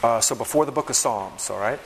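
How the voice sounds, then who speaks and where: A man's voice: medium pitch, brisk, vocal fry, a little hiss or hum. A man preaching a sermon, telling vivid stories and checking in with the crowd with "okay?" and "all right?". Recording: long reverb in a large hall.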